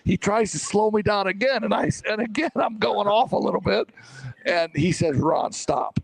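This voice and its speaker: Older coach, co-host; animated storyteller with a raspy, higher voice. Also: male voice, normal speed, no room sound. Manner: animated storyteller, many restarts.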